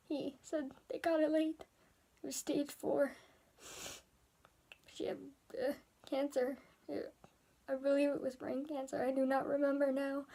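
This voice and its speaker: High, gravelly woman half-whispering a story. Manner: soft and hesitant, often sliding into a whisper. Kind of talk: first-person dramatic story narration.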